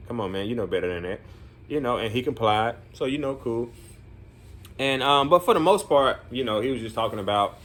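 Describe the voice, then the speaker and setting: A group home counselor tells a story in the loose style of a vlog, his medium-pitched voice rambling through plenty of fillers. He keeps dropping in sincere, encouraging side comments.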